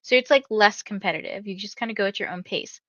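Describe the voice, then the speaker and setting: Young female streamer, bright voice, casual filler-laden chat, dry slightly lo-fi mic. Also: mid-range voice, fast talker, no room sound. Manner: chatty, many fillers, reads viewer comments aloud. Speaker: livestream host reading books.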